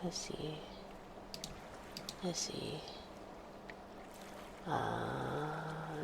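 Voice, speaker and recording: A woman chatting casually on her live stream while sick with a fever, often dropping into soft whispers. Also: fairly low pitch, animated, gravelly, noisy background. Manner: slow and soft, drifting into whispers. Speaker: livestreamer. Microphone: close studio microphone.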